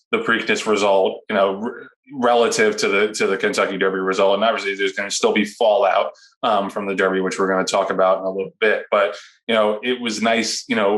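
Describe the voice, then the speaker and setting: Low-voiced man hosting a chatty panel. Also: fairly bright tone. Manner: rambling, many restarts, opinionated. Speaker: podcast host. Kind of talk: casual panel discussion.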